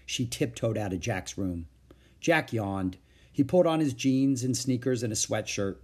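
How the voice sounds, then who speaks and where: A man reading a children's chapter book aloud, narrating gently and expressively. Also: medium pitch, lively intonation, moderate pace, husky. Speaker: audiobook reader. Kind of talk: storybook read-aloud narration.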